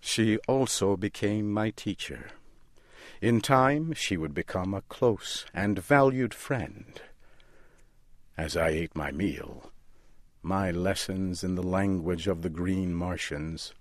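A man reading a story aloud in a slow, measured and deliberate way, as the narrator. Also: low-pitched, no echo, studio quality.

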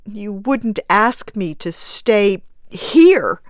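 A woman's voice: mid-range voice, sing-song, extremely slow, no echo, studio quality, pitched above the performer's own voice. A woman reading the lines of a grieving young mother in mourning, anguished and pleading. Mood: distraught.

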